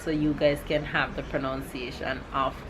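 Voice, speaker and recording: A woman with a Jamaican accent hosting a casual vlog, laughing often and spelling words out slowly. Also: rumbling low, little pitch movement. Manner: laughs often, slow deliberate pronunciation. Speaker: vlogger host. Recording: noisy ambient background.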